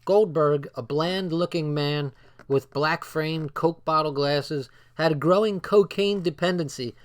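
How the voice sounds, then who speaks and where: A man casually reads a book aloud, breaking off into loose asides laced with swearing. His voice is on the high side and his pace is unhurried.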